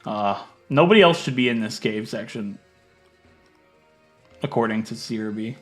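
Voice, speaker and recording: A man giving casual gameplay commentary, chatty and thinking aloud, swinging from low muttering to loud mock outrage. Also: animated, unhurried, faint music behind. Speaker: let's play gaming creator.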